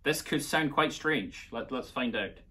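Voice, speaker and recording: A man's voice: medium pitch, a little slow. A man with a Scottish accent teaching a playful children's music lesson, coaxing young listeners along.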